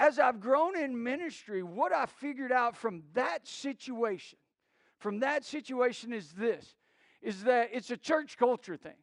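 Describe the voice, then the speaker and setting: A man's voice: very high voice, lively intonation, normal speed, fairly bright tone, no echo, clean studio sound. A middle-aged man preaching a sermon, telling stories with many restarts and acted-out quotes. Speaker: pastor.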